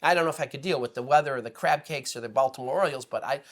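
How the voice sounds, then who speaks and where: A man's voice: mid-range voice, racing. Emotional, rambling male political guest. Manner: emotional, rambling, swings between loud and hushed. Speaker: guest commentator. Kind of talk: impassioned political commentary.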